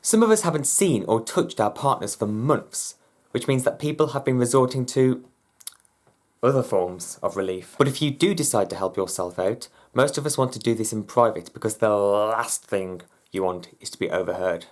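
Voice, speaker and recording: A woman hosts a comedy cabaret, reading scripted narration with matter-of-fact dryness. Her voice is exceptionally deep for a woman. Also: animated, normal speed, a little mellow. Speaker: cabaret host.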